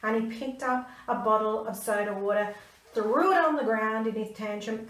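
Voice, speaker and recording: A woman's voice: mid-range voice, big pitch swings, moderate pace, slight background noise. A woman, a stress management coach telling a personal story to camera in an earnest, emphatic way. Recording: roomy, mic at a distance.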